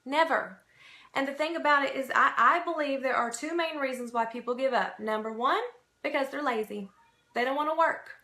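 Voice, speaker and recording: A woman's voice: sits high, moderate pace, pushed and bright, roomy sound. A woman giving an emphatic, repetitive motivational training talk to her sales team.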